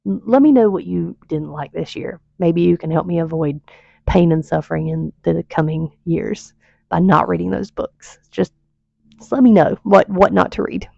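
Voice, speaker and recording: A woman's voice: fairly low pitch, moderate pace, vocal fry, darkish tone, dry recording. A woman reviewing books in a casual vlog, rambling and exasperated, swearing freely. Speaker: book reviewer. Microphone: home video mic. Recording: dull lo-fi home mic.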